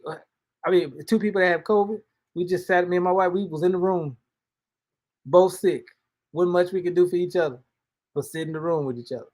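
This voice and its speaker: A man delivers a relaxed devotional talk in plain, everyday speech. His voice sits a little higher than most men's. He circles back and restarts phrases as he goes. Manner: colloquial, folksy, repeats and restarts words. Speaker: host and motivational speaker. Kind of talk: casual spoken devotional.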